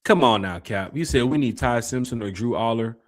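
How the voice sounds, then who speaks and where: A man hosting a casual fan podcast, reading out chat comments and giving shout-outs. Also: mid-range voice, animated, fairly quick. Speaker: podcast host. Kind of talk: casual live-stream chat.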